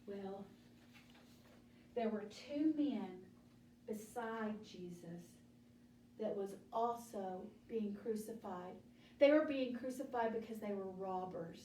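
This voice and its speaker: A woman teaching a children's Bible study, telling the story slowly and deliberately and asking the children questions. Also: mid-range voice, mellow, slight background noise. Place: church room. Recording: echoey room, mic at a distance.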